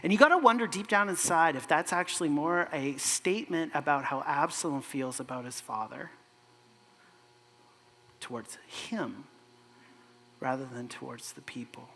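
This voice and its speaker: A man preaching a sermon as a pastor, conversational and animated, with asides to the congregation. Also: a little high, moderate pace, pauses often, a little hiss or hum. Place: church sanctuary. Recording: echoey church hall.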